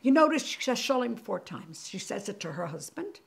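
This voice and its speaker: A woman hosting and teaching a Torah class, telling the story with animated energy and sometimes dropping to a near-whisper for emphasis. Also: medium pitch, moderate pace, creaky.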